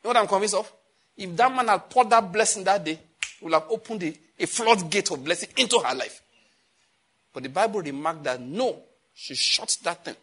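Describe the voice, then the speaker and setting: A man's voice: high voice, expressive, a little fast, fairly bright tone, slightly rough. A man with a Nigerian accent preaching a sermon. He laughs at his own jokes and calls on the congregation to repeat his words back.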